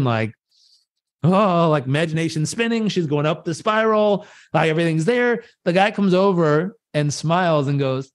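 A man as a guest on a live video chat, talking about coaching in a lively, storytelling way and acting out voices in his quotes. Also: a little high, unhurried. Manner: animated storyteller who acts out voices in quotes. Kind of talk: conversational coaching talk. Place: live social media video conversation.

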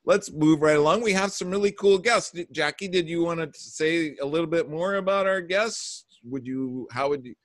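A man's voice: a little high, moderate pace, hardly any pauses, no room sound, clean studio sound. A man co-hosting a radio show, talking off the cuff and rambling, often restarting sentences. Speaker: radio co-host.

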